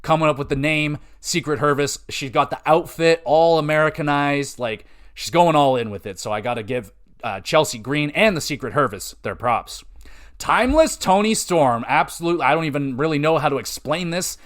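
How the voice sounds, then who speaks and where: Excitable young man, fairly high voice. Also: moderate pace. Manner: excitable, profane, rambling with filler "like". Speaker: podcast host. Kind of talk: casual wrestling podcast chat.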